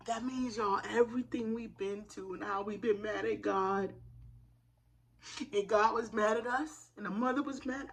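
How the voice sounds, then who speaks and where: A woman's voice: medium pitch, moderate pace. A woman giving a spiritual tarot reading in a fervent, preacher-like way, calling her listeners y'all. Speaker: tarot reader.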